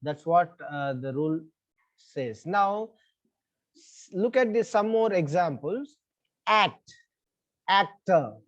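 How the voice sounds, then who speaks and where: A male teacher, giving an online class over a video call, explaining slowly and calling on students. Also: sits high, expressive. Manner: explains slowly, repeats questions, calls on students. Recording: slightly muffled online class audio.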